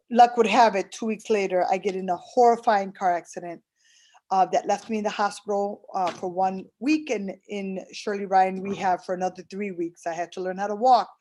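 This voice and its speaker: A woman's voice: mid-range voice, a little mellow. A woman, an early intervention interpreter, giving a personal testimonial and telling her story earnestly while acting out past conversations.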